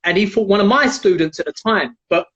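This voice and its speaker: A jiu-jitsu black belt appears as a guest on a live stream, animatedly telling fight stories and acting out quoted voices. His voice is high and a little fast, and the lo-fi stream audio sounds dull.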